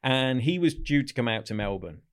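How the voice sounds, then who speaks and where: A man telling anecdotes in a casual interview, acting out what others said in quick bits of dialogue. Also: mid-range voice, animated, smooth. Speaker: podcast guest.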